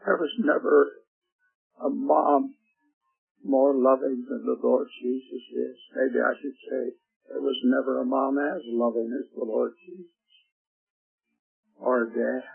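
An older man preaching a gentle, emphatic sermon on the radio and asking his listeners questions. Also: mid-range voice, fairly even intonation, unhurried, vocal fry, long pauses, husky. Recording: tinny phone-like radio broadcast with faint music.

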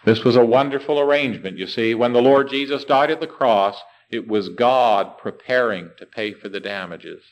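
A man preaching a sermon, asking rhetorical questions and slowing down to stress key words. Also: mid-range voice, poor audio.

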